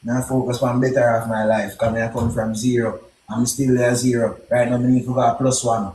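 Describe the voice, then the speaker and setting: A young man with a Jamaican accent telling a story casually, in a heavy patois with shouted exclamations. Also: medium pitch, level tone, a little fast, reverberant, slight background noise. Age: young adult.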